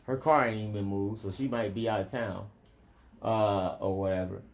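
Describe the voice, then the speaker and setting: A man's voice: lowish voice, fairly even intonation, moderate pace, vocal fry. A man talking straight to his viewers in a loose, digressive monologue, often restarting and chuckling between points. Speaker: vlogger. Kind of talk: casual rambling monologue.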